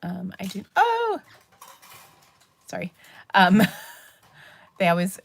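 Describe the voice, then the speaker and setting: A woman's voice: lowish voice, little pitch movement, takes it slowly, creaky. Chatty Minnesotan woman hosting a craft stream. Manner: chatty, rambling, with frequent laughs and fillers. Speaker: papercraft livestream host. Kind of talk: casual livestream chat.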